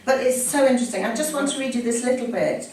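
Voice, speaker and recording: A woman's voice: fairly high pitch, fast, darkish tone. Woman reading aloud from a book to friends, chatty with little laughs, sounds far off in an echoey room w faint hum. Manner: chatty, with laughs and self-corrections. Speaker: reader sharing a family story.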